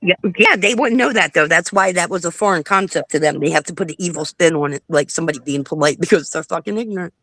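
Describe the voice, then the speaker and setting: A woman's voice: on the low side, quick pace, few pauses, a bit bright, no room sound. A middle-aged woman from the northern US hosting a livestream, cursing freely while she tells stories and imitates other people. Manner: profane, storytelling, mimics others. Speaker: livestream host. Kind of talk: casual livestream chat.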